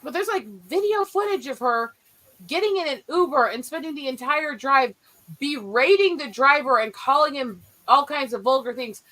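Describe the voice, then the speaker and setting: A woman in casual commentary chat, blunt and animated, swearing freely and mimicking people as she retells stories. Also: high-pitched, normal speed, low-quality recording.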